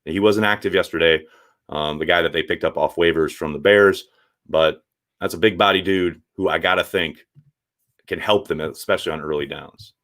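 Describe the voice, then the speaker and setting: A man hosting a casual live stream, reading viewer chat and giving blunt, animated takes with the odd swear. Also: sits low, normal speed. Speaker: sports show host reading viewer chat.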